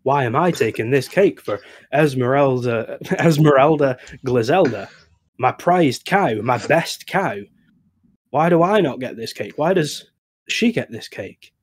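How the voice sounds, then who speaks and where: A man's voice: medium pitch, animated, unhurried, husky. A bewildered old farmer, played by a man in a storytelling game. He sounds indignant and baffled, firing off question after question. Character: puzzled old male farmer.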